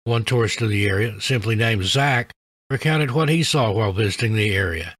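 A man in scripted narration, telling spooky stories in a measured, even delivery. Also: fairly low pitch, husky, no echo.

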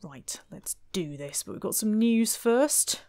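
A woman's voice: medium pitch, lively intonation, slow pace, a little mellow, no echo. A woman commentating on her own gameplay in a wry, chatty way, full of exasperated asides. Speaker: let's play host.

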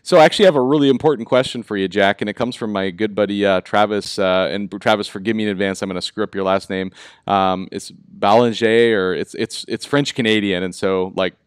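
A man's voice: lowish voice, fairly even intonation, fast, clear, resonant tone, no echo, studio quality. A man with a Minnesota accent hosting a live online talk show, chatty and upbeat, with lots of fillers. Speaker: host. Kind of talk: casual live show chat.

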